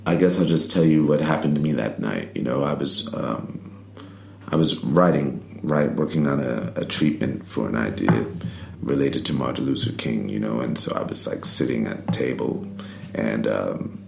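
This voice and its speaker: A middle-aged man, a poet and rapper, telling stories in a relaxed interview, rambling with many "you know"s and "like"s. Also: a bass voice, moderate pace, vocal fry, slight background noise. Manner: laid-back, rambling, lots of "you know" and "like". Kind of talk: casual interview storytelling. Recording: roomy recording with faint ambience.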